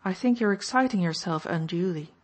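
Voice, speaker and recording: A woman reading an audiobook, voicing a calm male soldier who speaks quietly and patiently. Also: lowish voice, fairly quick. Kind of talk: audiobook narration.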